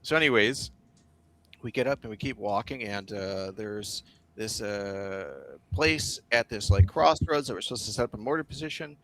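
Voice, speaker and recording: A man, a volunteer soldier, telling war stories in a blunt, profane, wryly dark-humored way on a casual stream. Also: lowish voice, animated, moderate pace, dry recording. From United States. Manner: profane, blunt, heavy swearing. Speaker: guest, foreign volunteer soldier.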